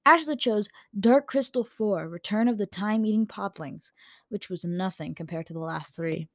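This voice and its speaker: A woman with a medium-pitched voice reads a story aloud at normal speed, casually, with slips and corrections. She's recorded on a home microphone with no room sound.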